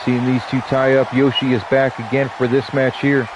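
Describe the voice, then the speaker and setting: A man calls wrestling play-by-play with a stuffy, blocked-up nose. His delivery is casual, and he slips in joking asides between moves. A steady hiss of noise sits under his voice. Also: medium pitch, moderate pace, highs cut off, crowd noise. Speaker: play-by-play commentator. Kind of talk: wrestling commentary.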